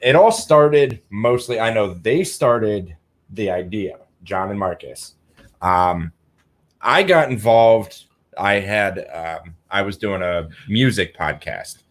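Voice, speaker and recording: A man on a talk show as a guest, telling a rambling story with many pauses and ums. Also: on the low side, expressive. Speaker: guest, paranormal team member. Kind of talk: casual chat.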